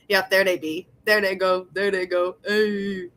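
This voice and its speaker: A woman's voice: mid-range voice, flat delivery, takes it slowly, a bit bright. A young woman hosting a casual livestream, chatting with her viewers, laughing often and swearing as she rambles. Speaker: livestream host.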